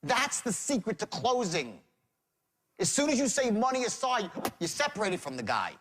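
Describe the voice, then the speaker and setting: Animated man teaching sales. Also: sits high, normal speed. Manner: animated, acts out sales calls in shifting tones. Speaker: sales trainer. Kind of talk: seminar lecture on sales.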